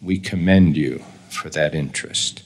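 Slow deep-voiced older man preaching. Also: slight background noise. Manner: slow, measured, deliberate delivery. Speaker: church leader giving a devotional address. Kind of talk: formal sermon.

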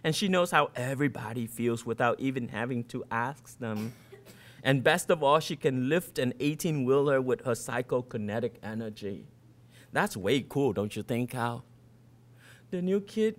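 Man in his fifties reading a story. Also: mid-range voice. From Vietnam. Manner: first-person storytelling in a boy's voice. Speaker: author. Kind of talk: reading fiction aloud.

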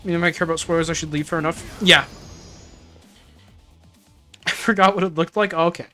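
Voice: mid-range voice, steady tone, moderate pace, bright, forceful tone, faint music behind. A streamer chatting casually through a let's-play, joking with chat and laughing often.

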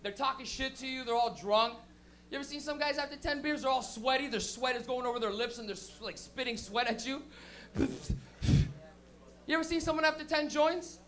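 A man doing a profane, animated stand-up routine at an open mic, acting out characters as he goes. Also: very high-pitched, a little fast. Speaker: stand-up comedian. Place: comedy open mic in a crowded apartment.

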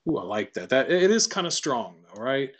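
A man walking through a software tutorial casually, thinking aloud and reading lines out to test them. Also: medium pitch, big pitch swings, moderate pace, husky. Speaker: tutorial presenter. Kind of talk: screen-recorded software tutorial.

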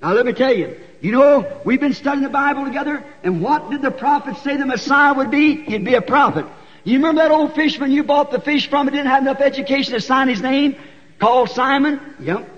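A man preaching a sermon in a church. He tells the story in a folksy, animated way and rises to shouts. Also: very high voice, brisk. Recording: dull 1960s church tape with long reverb.

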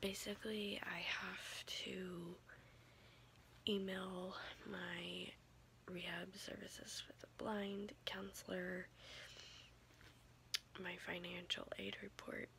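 A young woman whispers a late-night vlog, tired and unhurried, her words drawn out slowly. Her hushed voice turns gravelly and frayed at the edges. Steady background noise hisses under the recording. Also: medium pitch, rough recording. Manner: hushed, rambling, trailing off with soft laughs. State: sleepy. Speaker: vlogger.

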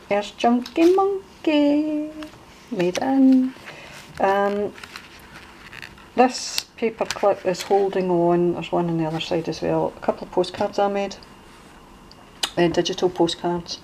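A woman's voice: fairly low pitch, darkish tone, a little hiss or hum, poor audio. A middle-aged Scottish woman with a Glasgow accent, chatting casually as she shows off a handmade journal, with lots of fillers and restarts. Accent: Glaswegian Scottish. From Scotland. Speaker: crafter showing a junk journal. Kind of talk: casual show-and-tell.

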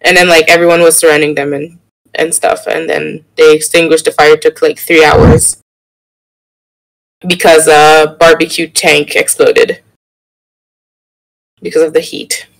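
A young man in casual podcast chat, telling an animated story with laughter and sudden jumps in pitch. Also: a little slow, creaky, pauses often, low-quality recording. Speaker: podcast co-host.

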